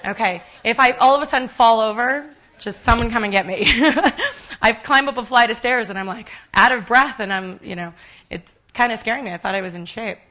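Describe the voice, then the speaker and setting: A woman's voice: on the high side, moderate pace, bright, forceful tone. A woman in her thirties giving a live cooking demonstration on a conference stage, chatty and self-deprecating with many ums. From United States.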